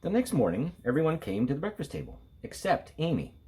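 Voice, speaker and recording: A man, an elementary school teacher, reading a picture book aloud to children in a playful, expressive way. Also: a little high, fairly quick, slightly rough. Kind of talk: read-aloud storytelling for children.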